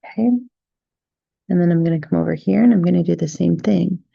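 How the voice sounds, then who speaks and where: A woman teaching a step-by-step drawing tutorial, gently talking through each stroke and checking in with "right?" as she goes. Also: on the low side, normal speed, vocal fry, breathy edge, no echo, muffled recording. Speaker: drawing instructor.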